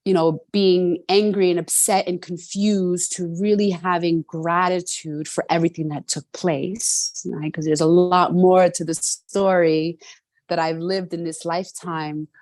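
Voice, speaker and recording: A woman's voice: on the low side, level tone, a little slow, a little mellow, no echo. A middle-aged woman from New York City, a guest telling her personal story in an earnest way, often adding "right?", over a video call.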